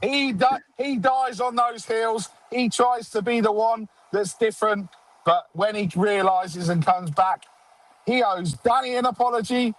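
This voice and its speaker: A man's voice: sits high, a little slow, low-quality recording. A man hosting a casual football fan show, sarcastic and grumbling.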